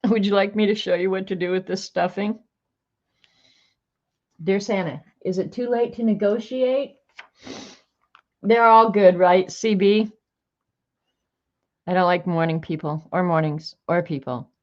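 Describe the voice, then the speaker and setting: A woman's voice: medium pitch, unhurried, long pauses, a little mellow. A woman reading sassy one-liners aloud to her viewers in a casual, chatty way, with small laughs in between. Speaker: crafter sharing sayings on video. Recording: dull, lo-fi home video sound.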